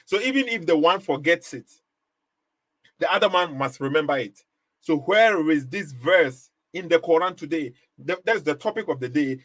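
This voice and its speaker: A man's voice: fairly high pitch, a bit bright, no room sound. A man hosting a live commentary stream, pressing his point with repeated rhetorical questions and short laughs. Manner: rhetorical questions, emphatic and repetitive. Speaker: livestream host.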